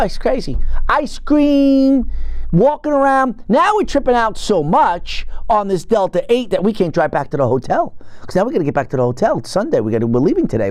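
Middle-aged male podcast host, lively self-deprecating storyteller, dry close sound. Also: high voice, no echo. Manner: animated, self-mocking, acts out quoted dialogue. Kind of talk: casual storytelling monologue.

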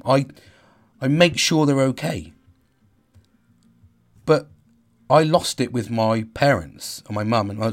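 A middle-aged man talking in a raw personal video diary, emotional and halting, swearing and repeating himself as he speaks to his audience. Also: medium pitch.

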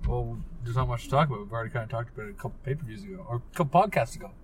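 A man co-hosting a casual wrestling podcast, throwing in quick jokes and quips. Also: mid-range voice, a little hiss or hum. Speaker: podcast co-host.

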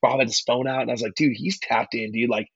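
A young man, a hardcore band singer from California, telling stories in a rambling, slangy, excitable way as a podcast guest. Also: mid-range voice, quick pace, creaky, slightly rough, dry recording, muffled recording. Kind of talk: casual interview chat.

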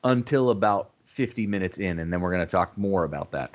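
A man with a fairly low voice talks through a film plot in a loose podcast chat. He is quick and animated and drops the odd swear. The audio is a little dull and lo-fi. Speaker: podcast co-host. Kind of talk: casual movie review chat.

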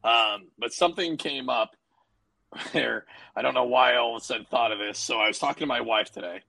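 A man with a raspy, gravelly voice co-hosting a podcast, rambling and swearing freely in casual banter. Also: medium pitch, a little fast, sharp tone, rough recording. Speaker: podcast co-host.

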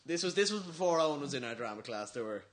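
A young Irish man in his late teens co-hosting a casual podcast, rambling through stories, laughing often and slipping into quick impressions. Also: on the high side, sing-song, fairly bright tone. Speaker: podcast co-host. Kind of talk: casual chat among friends.

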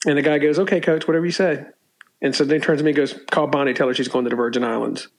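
An older man tells stories in a casual interview, restarting often, clearing his throat and laughing at his own tales. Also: fairly high pitch, fairly even intonation, very fast, poor audio. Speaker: former college sports media relations staffer, guest.

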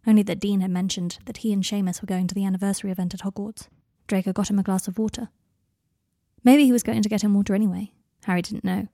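A woman narrating a fan fiction audiobook with soft, expressive, intimate storytelling. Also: medium pitch, quick pace, vocal fry, dry recording, clean studio sound.

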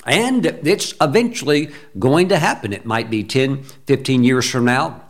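A man's voice: mid-range voice, animated, a little slow. A man preaching a sermon, telling stories animatedly with laughs and sudden exclamations. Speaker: pastor.

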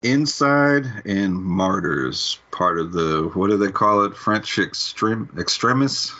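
A man co-hosting a podcast in casual chat, talking haltingly and repeating words, with a husky voice. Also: low voice, expressive, sharp tone, a little hiss or hum. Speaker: podcast co-host. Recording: slightly dull podcast audio.

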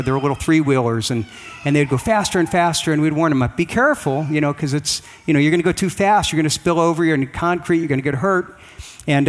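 A middle-aged man giving a conversational sermon full of family stories, acting out his children in a raised voice. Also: big-room sound. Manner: conversational, anecdotal, acts out quoted kids in a higher voice. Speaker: preacher.

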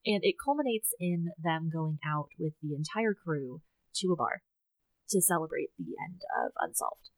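A woman's voice: deep voice, moderate pace, no echo, rough recording. Dry-sounding chatty woman podcaster. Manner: animated recapping with acted quotes and laughter. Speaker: podcast co-host. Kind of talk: casual chat.

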